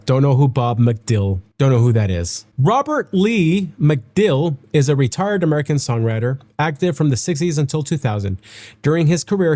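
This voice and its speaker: Young man, reaction host, fairly high voice, casual, reads notes aloud, self-correcting. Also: mellow. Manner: chatty, self-correcting, stumbles over names.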